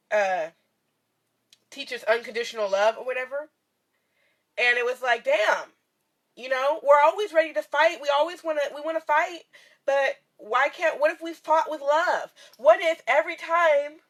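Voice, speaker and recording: High-voiced tearful woman, candid and emotional. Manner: emotional, candid, swears freely, laughs often. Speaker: spiritual reader and vlogger. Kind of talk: casual heartfelt livestream talk. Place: in her van in bright sunlight.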